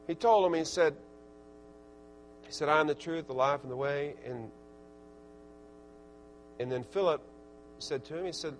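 A man with an Arkansas accent preaching a sermon, swinging from quiet asides to loud, emphatic peaks and restarting his words as he goes. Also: a little high, measured pace, pauses often, a little hiss or hum. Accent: Southern US, Arkansas.

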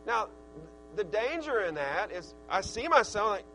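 A middle-aged man preaching a sermon in a folksy, earnest way, his loudness rising and falling. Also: sits high, big pitch swings, unhurried, soft background music, poor audio.

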